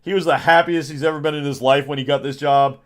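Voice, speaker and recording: A man rambles sarcastically on a livestream, chuckling as he goes. His delivery is loose and conversational, the tone of a host thinking out loud to his viewers. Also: fairly high pitch, fairly even intonation, quick pace. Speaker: streamer. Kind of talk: casual livestream chat.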